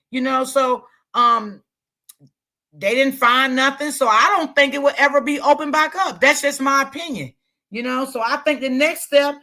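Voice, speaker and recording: A woman hosts a casual live commentary stream. Her voice sits high and sounds bright and sharp. She gives her opinions bluntly and answers her chat as she goes. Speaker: commentary livestream host.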